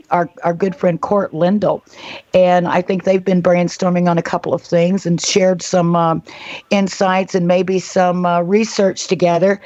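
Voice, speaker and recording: A woman from Oklahoma hosting a radio talk show, her voice hoarse and scratchy, rambling with many fillers and restarts. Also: lowish voice, darkish tone, no room sound, highs cut off. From Oklahoma, USA. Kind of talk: casual radio interview chat.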